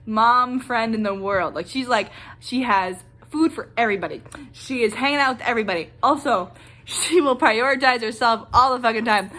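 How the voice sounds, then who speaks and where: A young woman vlogger ranting casually and excitedly, rambling with lots of fillers. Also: a little high. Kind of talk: casual reaction rant.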